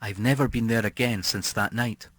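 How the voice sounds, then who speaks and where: A man narrating a horror story as an audiobook reader, slow and brooding, dropping to a hush on key words. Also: on the low side, dry recording.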